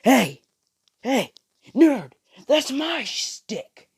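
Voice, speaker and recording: A man voicing a brash, loud teenage boy rival who taunts and shouts in a raised voice. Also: very high voice, sing-song, extremely slow, vocal fry, husky, no echo, clean studio sound, voice pushed up, full character voice. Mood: taunting.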